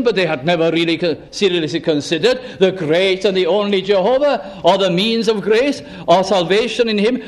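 A man preaching a sermon in an earnest way, pressing his listeners with rhetorical questions. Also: high voice. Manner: earnest, probing rhetorical questions, drops to a hush.

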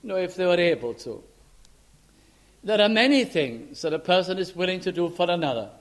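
A preacher with a high-pitched voice delivers a sermon, leaning slowly and heavily on quoted scripture. He pauses to put rhetorical questions to his listeners. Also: big pitch swings. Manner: slow, emphatic scripture reading with rhetorical questions.

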